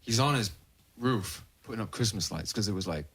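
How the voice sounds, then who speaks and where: Lower-pitched man with a bright, swearing storytelling voice. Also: expressive, fairly quick. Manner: swears constantly, laughing through his own story. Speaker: podcast host. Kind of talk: casual storytelling. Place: podcast studio.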